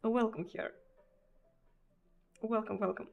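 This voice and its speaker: A woman from Russia with a Russian accent, chatting casually on a live stream. She speaks haltingly, with many pauses and restarts, and laughs often. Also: on the high side, fairly even intonation, creaky, narrow, tinny audio. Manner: laughs often between sentences.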